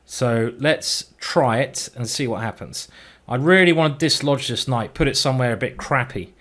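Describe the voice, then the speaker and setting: Male chess streamer, chatty self-talk, mid pitch, a little sweary. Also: moderate pace, a bit bright. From England. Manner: chatty, thinking aloud, mildly sweary. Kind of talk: live game commentary.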